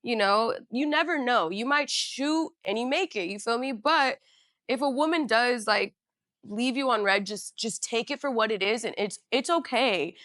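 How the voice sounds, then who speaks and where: A young woman from Northern California hosts a podcast, speaking at normal speed in a slightly high, fairly bright voice, recorded in studio quality with no echo. Her casual storytime is chatty and slangy, full of "you know" and "you feel me."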